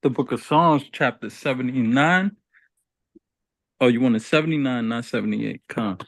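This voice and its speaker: A man with a mid-pitched voice reading scripture aloud in a slow, formal way. The sound is dry. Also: vocal fry, dry recording. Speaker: scripture reader.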